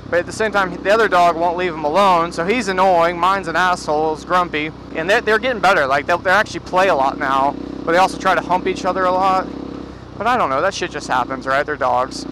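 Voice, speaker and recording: Profane rambling motovlogger, high-voiced man, helmet headset under heavy road noise. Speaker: motorcycle vlogger. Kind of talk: rambling anecdotal chat. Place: outdoors, riding a motorcycle. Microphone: helmet bluetooth headset. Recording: loud wind and traffic noise. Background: road and engine noise.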